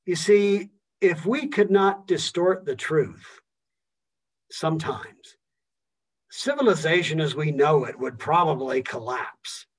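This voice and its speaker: A man's voice: a little high, slow pace, husky, distant mic, low-quality recording. A man from Philadelphia giving a public museum lecture, emphatic and checking in with the audience often. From Philadelphia, United States. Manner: emphatic, keeps checking in with "okay?".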